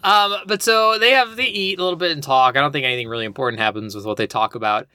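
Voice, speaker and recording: Bright-voiced man recapping casually. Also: mid-range voice, quick pace, clean tone, no echo. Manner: rambling plot recap with filler words. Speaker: podcast co-host.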